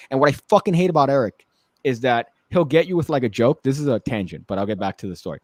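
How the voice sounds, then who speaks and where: A man in casual conversation, telling an animated, profane story with laughs and acted-out quotes. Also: mid-range voice, fast talker, no room sound.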